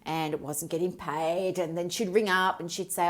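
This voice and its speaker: Middle-aged woman doing a solo podcast, chatty and candid, lowish voice, keeps going off on tangents. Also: steady tone, normal speed. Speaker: podcast host and business mentor.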